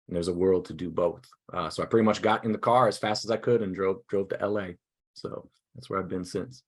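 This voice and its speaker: A man presenting a teacher workshop over a video call, upbeat and self-deprecating, talking casually in halting starts from his desk. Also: sits low, steady tone. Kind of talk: casual online workshop talk. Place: indoors at a desk.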